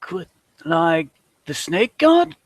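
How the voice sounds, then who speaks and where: A man's voice: on the high side, sing-song, very slow, no room sound, heavily acted. Man playing a rambling young acolyte. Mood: bemused. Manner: hesitant, repeats words, says "like" and "dude". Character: young, casual male cult acolyte, easygoing.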